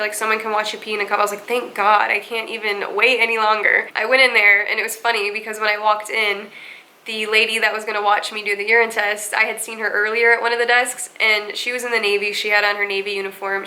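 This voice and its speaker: A young woman in a casual storytime vlog, talking in a chatty, animated way. Her voice is bright and clear, and it jumps higher whenever she acts out what other people said. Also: poor audio. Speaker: vlogger.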